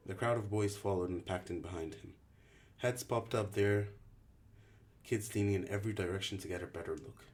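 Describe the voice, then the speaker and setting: A man narrating an audiobook in an even, steady storytelling voice. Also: fairly low pitch, moderate pace. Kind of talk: audiobook reading.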